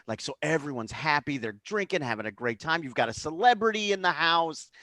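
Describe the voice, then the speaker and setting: A man's voice: lively intonation, bright, forceful tone, no echo, studio quality. Man thoughtfully talking through a film scene. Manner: measured, thoughtful, quotes characters in a low voice. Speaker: podcast co-host. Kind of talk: casual film discussion over drinks.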